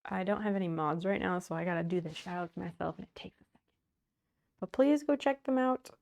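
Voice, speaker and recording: A woman with a lowish, darkish voice talks fast with vocal fry while livestreaming from her home office. She chats casually as she sorts things and does chores, greeting viewers, thanking them, and laughing a lot.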